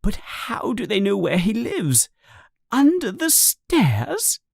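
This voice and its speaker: A man's voice: high-pitched, wildly swooping pitch, slow, a little mellow, breathy edge, dry recording, studio quality, pitched above the performer's own voice, exaggerated voice. A man doing a flustered, panicky woman. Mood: anxious. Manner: breathless flustered exclamations. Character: frightened, fussy middle-aged woman.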